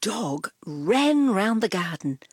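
Slow, soft-spoken woman reading a storybook. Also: medium pitch, very animated, slightly rough, no echo, clean studio sound. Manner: soft, drops to whispers on tags. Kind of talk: reading a children's storybook aloud.

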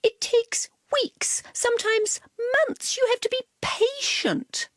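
A woman's voice: extremely high pitch, very animated, slow, no echo, clean studio sound, pitched above the performer's own voice, full character voice. A woman voicing a haughty, know-it-all female cat who lectures in a storybook. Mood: lecturing. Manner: superior, lecturing.

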